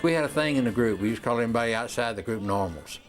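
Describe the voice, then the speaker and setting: A man's voice: medium pitch, animated, rapid-fire, soft background music. A man in an interview, recalling old times in a wry, conversational way. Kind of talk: casual interview reminiscence.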